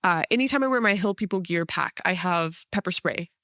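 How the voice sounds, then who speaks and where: A woman's voice: on the low side, expressive, a little fast, fairly bright tone, no echo, clean studio sound. A woman hosting a podcast, telling a story in a rambling, casual way with lots of fillers. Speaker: podcast host. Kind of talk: casual interview chat.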